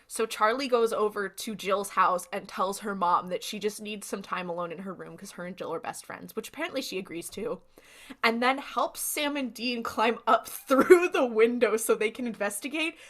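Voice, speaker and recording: A young woman co-hosting a podcast, recapping an episode in casual chat and acting out characters in quick asides. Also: medium pitch, fairly bright tone. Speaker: podcast co-host.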